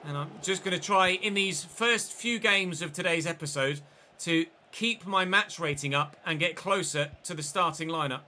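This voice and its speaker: A man live-streaming a football video game, chatting and commentating on his own play with quick excited outbursts. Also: fairly high pitch.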